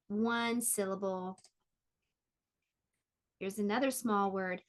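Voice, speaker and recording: A woman teaching an online preschool lesson, speaking slowly in a sing-song way to small children. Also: mid-range voice, slight background noise. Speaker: pre-K teacher.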